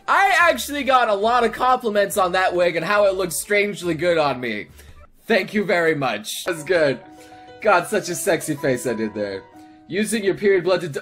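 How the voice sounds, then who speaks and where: A man hosting a reaction video, excitable and loud, swearing often and protesting. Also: high-pitched, normal speed, soft background music. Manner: excitable, swears a lot, laughs and protests loudly. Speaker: host reacting to fan videos. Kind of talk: reaction commentary.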